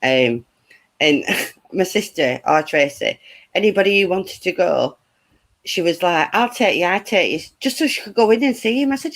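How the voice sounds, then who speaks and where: A woman's voice: on the low side, animated, moderate pace. A middle-aged woman, chatting casually, blunt and laughing through her stories. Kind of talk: casual chat, storytelling.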